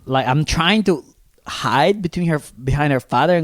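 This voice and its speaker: A man's voice: a little high, normal speed, dry recording, clean studio sound. Brazilian man telling a wild story. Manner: animated, acts out quoted voices, swears freely. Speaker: podcast co-host. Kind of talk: casual storytelling.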